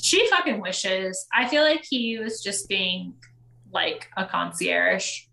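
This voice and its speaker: A woman's voice: medium pitch, slow pace, creaky. A young woman co-hosting a casual podcast, recapping a reality show, laughing often and acting out quotes. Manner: animated, laughing, acts out quotes. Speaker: podcast co-host.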